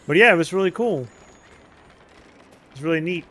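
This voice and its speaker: A man streaming a video game, telling a story in casual chat as an animated rant. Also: on the high side, moderate pace.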